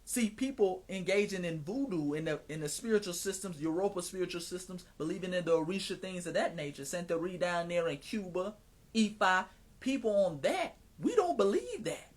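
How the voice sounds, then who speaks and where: Male live-stream host, slightly high pitch, animated preacher-like cadence, mocking asides. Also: a little fast. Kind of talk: casual live-stream commentary.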